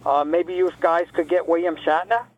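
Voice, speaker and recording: Male actor as a cranky retired caller, high-voiced, sarcastic and insulting, comedy call-in. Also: little pitch movement, normal speed, natural voice, poor audio. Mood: grumbling. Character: grumpy retired older man from New Jersey, cranky caller.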